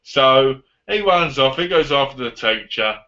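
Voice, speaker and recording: A man casually reviewing a film on his vlog, retelling the plot in an animated way and acting out the lines. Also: mid-range voice, measured pace. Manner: animated retelling with acted-out quotes. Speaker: movie reviewer. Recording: dull lo-fi audio.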